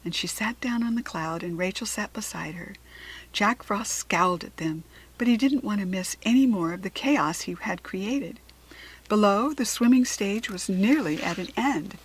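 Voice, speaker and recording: An American woman reading a children's storybook aloud in a gentle, expressive way. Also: mid-range voice, moderate pace, husky, poor audio. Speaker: children's book reader.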